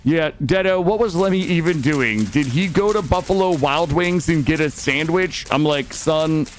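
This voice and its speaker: A young man streaming a game, chatting casually with viewers, swearing often and swinging between loud remarks and muttering. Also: a little high, moderate pace, soft background music. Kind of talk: casual gameplay chat with viewers. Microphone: studio microphone.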